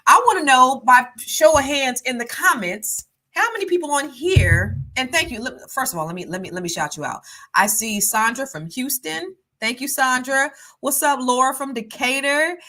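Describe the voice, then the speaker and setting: A middle-aged woman hosting a casual livestream chat. She naturally talks fast and is consciously trying to slow herself down. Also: sits high, animated, pushed and bright. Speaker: livestream host.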